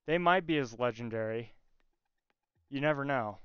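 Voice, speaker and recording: A man's voice: medium pitch, moderate pace, a bit bright, smooth, no echo. A man talking casually with viewers on a live stream from his workshop, joking with them as he works. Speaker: livestreamer talking to chat. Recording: slightly dull stream audio, faint music.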